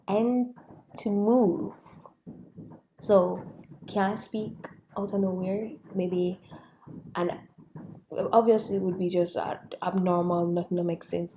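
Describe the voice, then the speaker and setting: A young woman vlogs about her day in a rambling, frustrated way, her voice slipping down to a whisper at times. Her tone is mellow and rather dark, at an ordinary pitch for a woman. A faint hiss sits under the recording. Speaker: vlogger. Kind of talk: emotional personal storytelling.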